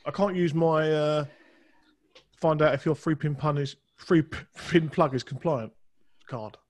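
A man's voice: on the high side, a little slow. A man on a casual video call, chatting eagerly and cracking jokes. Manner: eager, jokey.

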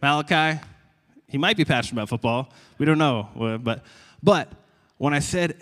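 A young man preaching a sermon in a conversational, animated way, often stumbling and repeating words. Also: medium pitch, moderate pace. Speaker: pastor. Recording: long reverb of a large hall.

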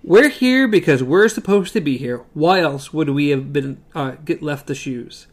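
A reader doing a fearless young woman who talks plainly and firmly. Her pitch rises and falls with spirit. She is polite but will take no nonsense. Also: expressive, normal speed, lightly acted. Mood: defiant. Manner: firm, plain-spoken.

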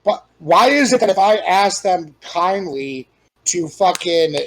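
Slightly high-voiced man, mock-serious banter. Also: expressive, measured pace, fairly bright tone, low-quality recording. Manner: mock-serious, exasperated, swearing. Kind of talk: casual podcast banter.

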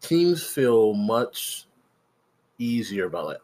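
Young male co-host, casual storyteller, animated delivery with voiced-out quotes. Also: fairly low pitch, slow pace, pauses often. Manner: animated storytelling, acts out quotes, swears freely. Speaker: podcast co-host. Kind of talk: casual chat.

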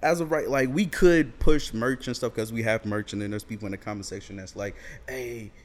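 A man's voice: mid-range voice, fairly quick. A young man, a college student, chatting on a podcast about making videos, telling stories loosely with many "like"s and acting out his friends. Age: young adult. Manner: laid-back storytelling with lots of "like", acts out his friends. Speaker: guest, sketch video creator. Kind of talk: casual podcast chat.

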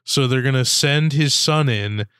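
A man's voice: medium pitch, a little slow, fairly bright tone, smooth, no room sound, clean studio sound. A man in casual chat reviewing a movie, rambling with lots of "like" and mock-quoting characters. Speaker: podcast co-host.

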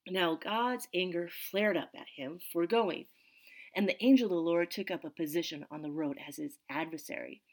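A woman teaching a casual Bible study, reading verses and then chatting about them in an animated way that is full of asides. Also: lowish voice, moderate pace.

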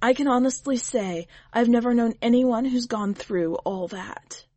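A woman voicing a shrewd, wry witch who speaks patiently and gently, like a teacher, in a storybook reading. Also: on the high side, measured pace, dry recording, voice pushed up.

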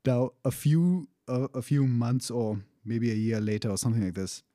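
A man's voice: medium pitch, fairly even intonation, normal speed, warm tone, no room sound, studio quality. A man casually recounting a personal story, rambling and profane, with frequent fillers and chuckles.

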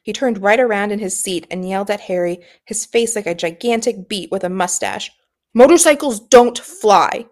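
A woman reading a novel aloud chapter by chapter in a steady, even storytelling manner. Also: mid-range voice, brisk, few pauses. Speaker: audiobook reader.

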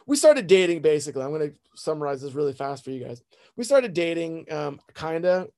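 A man in his thirties tells a long personal story in a loose, rambling way, laughing at himself. His voice sits a little high for a man, and he acts out the lines of the people in the story. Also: big pitch swings, brisk, mellow. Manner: rambling, self-deprecating, acts out quoted voices. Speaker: guest telling his life story. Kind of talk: casual storytelling.

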